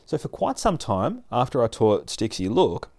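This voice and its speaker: A man explaining dog training in a casual, animated way, often laughing and acting out his dog. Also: mid-range voice, moderate pace, creaky. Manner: animated, acts out dogs and people in playful voices, laughs often. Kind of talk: casual instructional talk.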